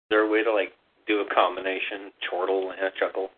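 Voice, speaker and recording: Hesitant low-voiced man, lots of ums. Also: level tone, fast talker, breathy edge. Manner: hesitant, full of ums and uhs. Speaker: podcast host. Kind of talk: casual chat. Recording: phone-like lo-fi line.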